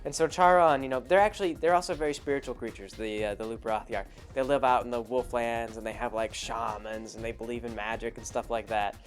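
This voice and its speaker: A man recounting an old tabletop game in a loose, rambling way, full of fillers and restarts. He slips into character voices along the way. His pitch is middling for a man, and faint music plays behind him. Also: fairly even intonation, fast talker, few pauses. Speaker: podcast host telling a story. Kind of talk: casual spoken storytelling.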